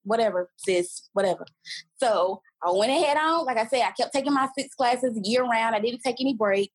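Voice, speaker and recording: A woman in her twenties, a podcast guest telling her story in a candid, animated way and acting out the voices of people she quotes. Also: fairly high pitch, fairly quick, slightly rough, dry recording, rough recording. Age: 20s. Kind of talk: casual storytelling.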